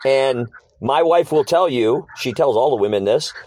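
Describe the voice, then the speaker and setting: A man's voice: mid-range voice, animated, normal speed, darkish tone, no echo. A middle-aged man telling his life story as an interview guest, earnest and casual, acting out old conversations and repeating short phrases.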